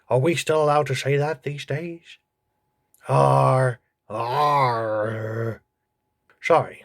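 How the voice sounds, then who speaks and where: A man hosting a comedic TV review, mocking the episode with crude, deadpan jokes. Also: mid-range voice.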